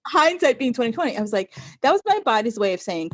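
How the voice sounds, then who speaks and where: A woman in her forties, a podcast guest, telling a personal story in an animated way and acting out what people said. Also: mid-range voice, fast, few pauses, dry recording. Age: 40s. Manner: animated storyteller, acts out quotes. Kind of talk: casual podcast interview.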